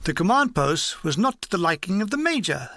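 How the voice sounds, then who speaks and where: A man reading his own war memoir aloud in a dry, wry, deadpan manner. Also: sits high, a little fast, no room sound. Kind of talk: audiobook reading.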